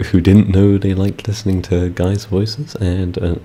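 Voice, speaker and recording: A young British man, an ASMR streamer, chats casually with his live-stream audience in a deep, dark voice, flat and slow. He's laid-back and giggly, rambling with fillers.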